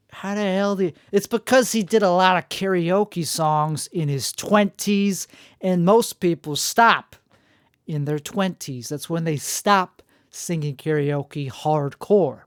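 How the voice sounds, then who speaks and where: A man with a gravelly voice, hosting a rambling solo monologue in a jokey, self-mocking way. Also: high voice, slow, no room sound, clean studio sound. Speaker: podcast host.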